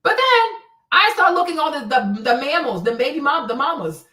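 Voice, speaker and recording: Sing-song and sharp, this high-pitched voice at moderate pace belongs to a woman in her forties hosting a live stream. She rants bluntly and preachily in a casual way, often adding "right?". She's a bit far from the mic in an echoey room.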